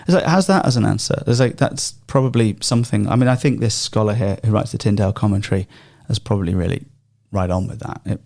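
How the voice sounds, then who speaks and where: A man in a Bible study podcast chat, explaining at length with animated energy and many ums and restarts. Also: lowish voice, quick pace, vocal fry, few pauses. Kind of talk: casual discussion podcast.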